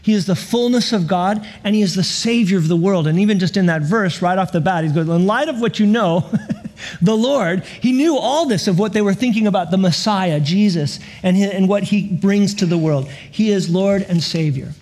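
A man preaching a sermon as guest pastor, animated and storytelling with laughs and playful sound effects. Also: high voice, moderate pace. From California. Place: church sanctuary.

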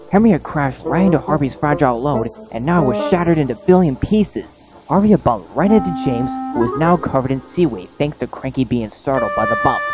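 A man narrates a children's storybook in a calm, even way. Loud music plays right under his voice the whole time. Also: a little high.

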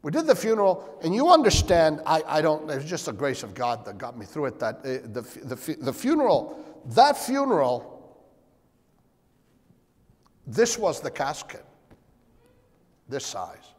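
A man's voice: a little slow, pauses often. A man preaching a sermon as pastor, asking rhetorical questions and calling for amens. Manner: animated, shifting pitch and volume. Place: church sanctuary. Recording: long hall reverb.

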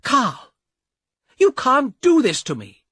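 A man reading an audiobook and voicing a frightened young woman who pleads with her brother, raising his voice high and bright. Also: wildly swooping pitch, takes it slowly, breathy edge, no echo, clean studio sound, full character voice. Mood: pleading.

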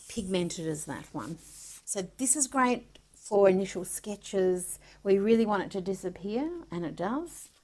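This is a woman with a mid-range voice, talking casually as she draws and demonstrates her supplies. She is chatty and excitable and talks to herself as she works. Every so often she drops into a soft whisper. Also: mid-range voice. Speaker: artist demonstrating art supplies. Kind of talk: casual art tutorial chat.

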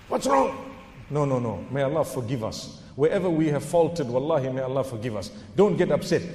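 A man's voice: high-pitched, warm tone. A middle-aged man preaching a religious lecture, emphatic, asking his listeners rhetorical questions and dropping in Arabic phrases. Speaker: Islamic preacher. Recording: echoey hall reverb.

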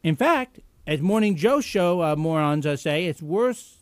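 A man's voice: a little high, expressive, unhurried, no room sound. A man hosting a live political internet show, ranting with sarcastic, combative indignation and plenty of fillers. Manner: many fillers and restarts. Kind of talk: political commentary rant.

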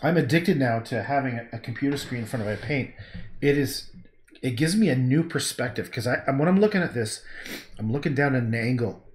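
Brief: Canadian painter on a livestream, loose and rambling, casual swearing, roomy echo. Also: male voice, medium pitch, lively intonation, fairly quick. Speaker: painter streaming his work. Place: art studio. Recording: echoey room.

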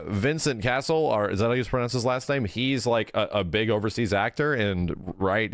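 A man's voice: lowish voice, dry recording, clean studio sound. A man hosting a casual gaming reaction video, talking loosely and breaking into exasperated, ranting outbursts.

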